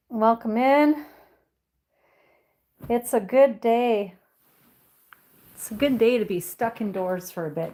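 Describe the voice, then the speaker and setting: Female vlogger, unhurried, casual home chat with cooing pet talk. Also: mellow. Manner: coos in high baby talk to her birds. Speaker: pet bird keeper and vlogger. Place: indoors at home among plants and birds.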